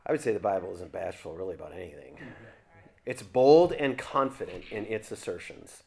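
A man's voice: sits low, animated, brisk, creaky, darkish tone. Man teaching a church seminar. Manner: conversational, asks the class questions. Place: church classroom.

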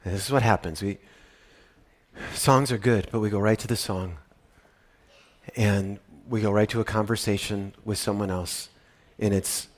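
A man preaching a sermon to his congregation in a church, emotional, swinging from loud excitement to quiet, intimate prayerfulness. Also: fairly low pitch, moderate pace. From United States. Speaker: pastor. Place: church sanctuary.

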